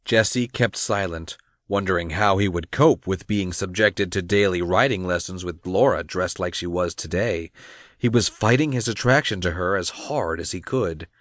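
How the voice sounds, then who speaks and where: Man, audiobook narrator, low pitch, expressive storytelling, dry close mic. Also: normal speed, no echo. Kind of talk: scripted narration.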